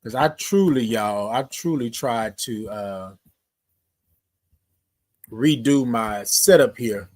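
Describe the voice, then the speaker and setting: A man's voice: mid-range voice, slow pace, pauses often, a little mellow. A middle-aged man, hosting a morning livestream in a chatty, repetitive way and singing his greetings. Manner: chatty, repeats phrases, sings his greetings. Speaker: livestream show host. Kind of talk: casual livestream talk.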